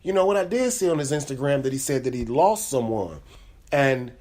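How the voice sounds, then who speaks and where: A man's voice: medium pitch, animated, brisk, darkish tone. A man hosting his own comedy podcast, telling a story in a rambling casual way with lots of fillers and repeated words. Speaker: podcast host. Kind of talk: casual chat.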